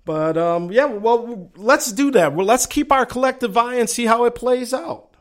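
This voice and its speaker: A man's voice: very high voice, measured pace. A man with a Southern accent hosting a casual sports talk show, musing aloud and reading chat messages in a folksy, drawling way.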